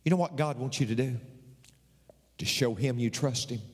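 A man's voice: medium pitch, normal speed, husky. A man in his later years, a pastor preaching a sermon with dramatic emphasis and repeated phrases. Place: church sanctuary. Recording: large reverberant hall.

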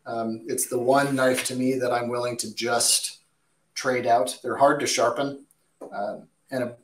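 A man's voice: medium pitch, fairly even intonation, measured pace, a bit bright. A man who works as a chef, answering viewer questions with chatty, emphatic cooking advice in a kitchen. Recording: echoey room.

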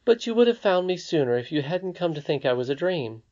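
A narrator voicing a very old, wise great-great-grandmother, speaking softly and calmly. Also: mid-range voice, brisk, voice pushed up, close to an everyday voice. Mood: patient. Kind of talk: audiobook character voice. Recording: slightly dull lo-fi recording.

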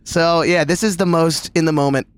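A man who fronts a band, chatting casually and excitably on a podcast, laughing often and tripping over fillers. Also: on the high side, normal speed. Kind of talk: casual chat. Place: indoor room with a videographer recording.

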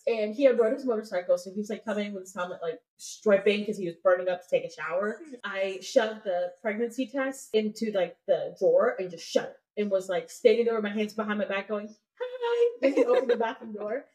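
A woman guest in a podcast interview, telling a personal story in a lively way, full of fillers and acted-out thoughts. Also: medium pitch, a little fast, few pauses, far from the mic, poor audio. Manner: animated, lots of "like" fillers, acts out her own thoughts.

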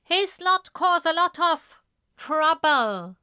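A woman voicing a smarmy, sneering male stranger with a flat, rehearsed delivery. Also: sits high, moderate pace, clear, resonant tone, no room sound, studio quality, pitched above the performer's own voice. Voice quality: monotone, smarmy.

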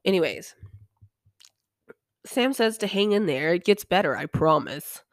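A woman's voice: lowish voice, expressive, a little slow, dry recording, clean studio sound. A young woman hosting a podcast, casually recapping a TV episode in a chatty, irreverent way, swearing freely and sighing now and then. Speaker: podcast host.

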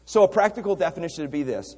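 A man's voice: on the high side, animated, rapid-fire, a little mellow. A man preaching a missions sermon, emphatic, asking rhetorical questions and repeating words as he goes. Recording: long hall reverb.

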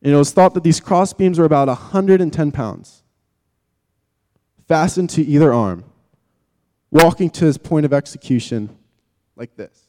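A man preaching a sermon in vivid, dramatic terms, swinging from loud emphasis to hushed tones. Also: a little high, moderate pace, pauses often, big-room sound.

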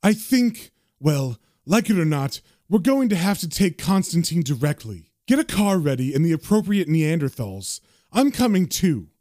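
A cold male boss, curt and commanding, as a man reads him. He speaks in short orders with no warmth. The voice sits close and dry. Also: a little high, big pitch swings, moderate pace, dry recording.

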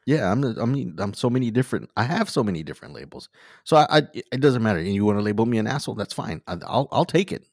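A man with a very low, deep voice hosts a podcast in a relaxed chat. He talks thoughtfully and hesitates, with many ums and restarts. The recording is dry and close. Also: quick pace, dry recording. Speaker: podcast host. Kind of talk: casual conversation.

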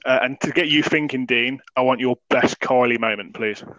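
A man hosting a podcast, telling a story in quick, animated bursts. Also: medium pitch, no echo, muffled recording. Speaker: podcast host. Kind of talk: casual storytelling chat.

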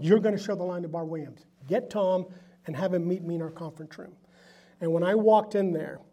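Casting: middle-aged man, founder testimony, high husky voice, animated storyteller. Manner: animated storyteller acting out dialogue. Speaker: company founder sharing testimony. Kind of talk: storytelling talk to a live group.

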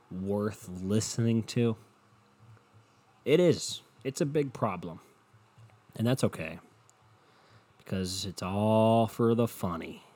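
Low-voiced young dude ranting on his home podcast, sarcastic, swears a ton, rambly. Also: a little mellow. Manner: profane, sardonic, rambling. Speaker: podcast host. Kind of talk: casual solo podcast rant.

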